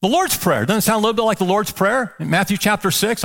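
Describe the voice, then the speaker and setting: A man's voice: high-pitched, expressive, fast talker, creaky, fairly bright tone. A male pastor preaching a sermon with passion, firing off rhetorical questions and repeating words as he builds.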